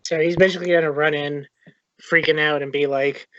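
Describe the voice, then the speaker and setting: A man describing his character's actions in a tabletop game, talking loosely and laughing often. His voice is a little high, recorded dry and slightly dull. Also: fairly even intonation, a little fast, dry recording. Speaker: player. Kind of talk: casual chat, tabletop game.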